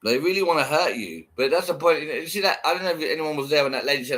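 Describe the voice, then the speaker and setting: Man, sweary mocking commentary, slightly high pitch, animated delivery. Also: very fast. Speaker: vlogger reacting to a clip. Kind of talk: profane rambling commentary.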